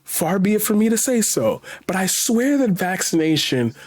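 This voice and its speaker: A man with a high voice does reaction commentary on a news story. He races through the quoted lines. Then he rants slowly and loudly, swears, and repeats the same phrases over and over. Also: very animated. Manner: rapid when reading, slow and emphatic when ranting. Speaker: commentary streamer.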